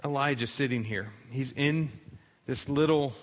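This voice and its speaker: A man's voice: mid-range voice, measured pace, in a large hall. A male pastor giving a sermon in a conversational preaching style, with dramatic readings of scripture.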